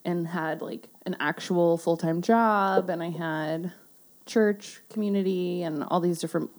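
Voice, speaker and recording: A woman's voice: fairly low pitch, fairly even intonation, measured pace, darkish tone. A woman in her twenties hosting a podcast in casual chat, laughing often. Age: 20s. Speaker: podcast host.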